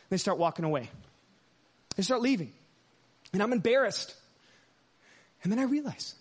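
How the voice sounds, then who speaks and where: Preacher, very high-pitched man, dynamic storytelling sermon delivery. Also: breathy edge. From United States. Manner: dynamic, swings from hushed asides to loud emphatic lines.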